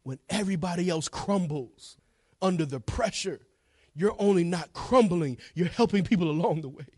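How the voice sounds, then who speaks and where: A middle-aged man preaching a sermon, telling a story and moving from hushed talk to shouting. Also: high voice, normal speed, slightly rough, no room sound, clean studio sound. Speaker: evangelist preacher.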